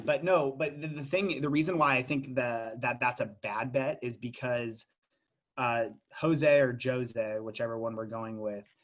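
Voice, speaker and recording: A man's voice: mid-range voice, a bit bright, dull audio. A man in a casual podcast chat about fight bets, talking loosely with frequent restarts and tangents. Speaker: podcast co-host. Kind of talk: casual sports betting chat.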